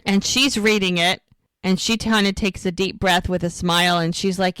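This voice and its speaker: A medium-pitched woman speaks at a moderate pace, recorded without any room sound. She casually recaps a TV episode as co-host of a podcast, animated in her retelling and acting out the characters' dialogue.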